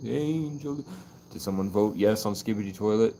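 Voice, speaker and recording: A man's voice: lowish voice, normal speed, warm tone, a little hiss or hum. A man chatting erratically on a livestream, swinging between mystical musing and mock-angry, profane rants, outdoors at night. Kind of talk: rambling livestream chat with viewers.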